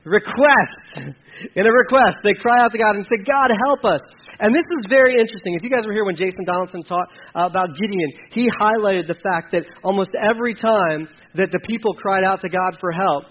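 A man teaching a sermon in a high voice, talking through scripture in a loose, conversational way with frequent fillers and restarts. The recording is dull and muffled, with a faint hiss underneath. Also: a little fast. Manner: conversational, reads verses aloud, many fillers and restarts. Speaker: preacher.

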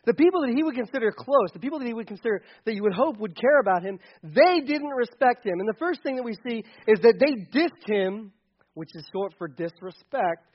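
Chatty preacher guy, pretty high voice, kinda muffled lo-fi recording. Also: expressive, brisk, breathy edge. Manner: chatty, joking, with restarts. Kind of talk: sermon. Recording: dull lo-fi recording.

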